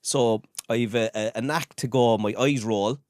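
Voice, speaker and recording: A man with a Carlow Irish accent hosting a casual podcast interview, chatty and quick to laugh. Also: medium pitch, no room sound, clean studio sound. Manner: lively, chatty, laughs easily. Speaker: podcast host.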